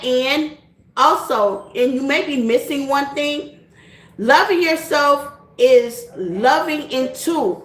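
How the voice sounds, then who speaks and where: A channel host and tarot reader in middle age talks casually to her viewers, her voice sitting high with a fairly bright tone. She laughs often and keeps restating her points in a straightforward, folksy way, recorded in an echoey room.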